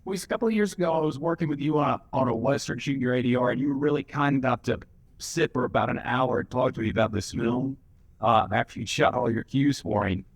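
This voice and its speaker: A man at a cinema Q&A asking the guest a long, halting question, with slow, careful phrasing. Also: mid-range voice, vocal fry, dry recording. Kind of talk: audience Q&A question. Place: cinema stage Q&A.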